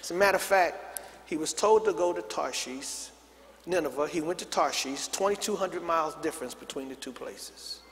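High-voiced pastor in a big hall. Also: male voice, moderate pace, fairly bright tone. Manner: preaching with call-and-response to the congregation. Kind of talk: sermon. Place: large church sanctuary. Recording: long reverb of a big hall.

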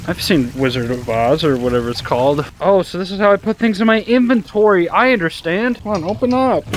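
A man with a high, bright voice reacts loudly to his VR game. He swears and trash-talks the enemies. Steady game noise runs under his voice. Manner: excitable, profane trash talk at game enemies. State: out of breath at times. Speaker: gaming video host. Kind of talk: VR gameplay commentary.

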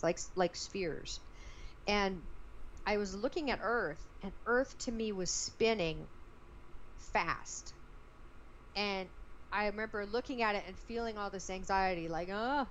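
A woman of middle pitch tells a personal story with expressive energy. The sound is a little muffled, with a faint hiss underneath. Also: a little slow. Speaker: guest, actress.

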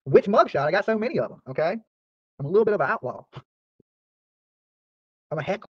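Fast-talking profane man ranting. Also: high voice, lively intonation, a bit bright, husky, dry recording. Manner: profane, boastful, trash-talking. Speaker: YouTube channel host. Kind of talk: casual rant to viewers. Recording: dry, slightly dull lo-fi sound.

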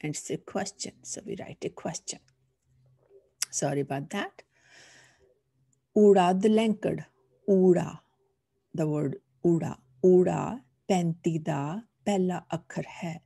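A woman's voice: fairly low pitch, normal speed, gravelly, pauses often, dark tone, husky, dry recording. A woman with a Punjabi accent, a teacher patiently explaining a lesson step by step. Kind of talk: recorded online lesson.

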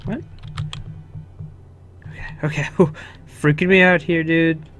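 A young man talks through his game in casual let's-play commentary. He swears freely, chuckles, and mutters to himself in a slightly high voice. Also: steady tone, measured pace, a bit bright. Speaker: gaming video host.

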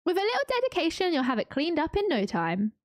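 A woman's voice: extremely high pitch, huge pitch swings, quick pace, dry recording, studio quality, pitched above the performer's own voice, full character voice. A woman voicing a friendly, practical female carpenter who welcomes a newcomer in a farming game. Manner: welcoming, matter-of-fact.

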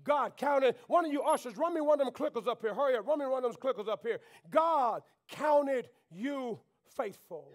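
A man. He builds to fervent shouts and falls back to quiet, intense lines. He keeps urging the pews to answer him. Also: very high voice, fast, few pauses. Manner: preaching with call-and-response, swings between shouting and quiet. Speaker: pastor. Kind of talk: sermon. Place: church sanctuary.

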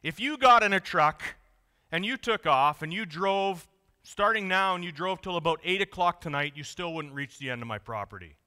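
A preacher doing a boastful Texas rancher. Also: male voice, high voice, animated, normal speed, sharp tone, smooth, big-room sound. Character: boastful big Texas rancher, grown man.

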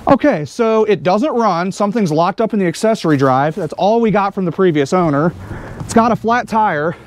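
A man hosting a casual vlog outdoors beside a vehicle, excitable and full of jokes. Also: sits high, moderate pace, a little hiss or hum. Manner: excitable, joking, wisecracking. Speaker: host.

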